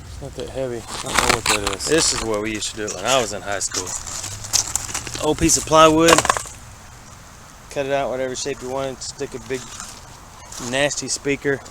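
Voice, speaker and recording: Southern man, casual creek-walk narrator, rambling and folksy, clear water noise behind. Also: medium pitch, normal speed, pauses often. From Alabama. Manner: rambling, folksy, thinks aloud about his finds. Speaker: vlogger exploring a creek. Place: outdoors wading in a city creek. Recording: outdoor camera audio with running water.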